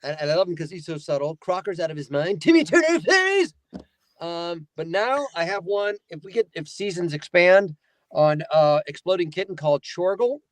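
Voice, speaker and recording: A voice-actor guest who tells stories in a loose, rambling, animated way, his voice sitting on the higher side for a man. The recording is close and dry, with no room sound. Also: a little fast, dry recording. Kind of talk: casual chat.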